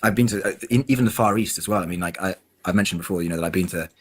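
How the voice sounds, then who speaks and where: A man's voice: low-pitched, very fast, breathy edge. A man co-hosting a podcast in casual conversation, often restarting his sentences and tagging them with "right?". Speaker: podcast co-host.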